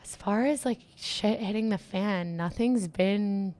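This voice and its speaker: A woman's voice: mid-range voice, unhurried. A young woman who organizes events and manages DJs, chatting in an interview and peppering her talk with "like.". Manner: chatty, lots of "like" fillers, excitable. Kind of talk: casual interview chat. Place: Miami.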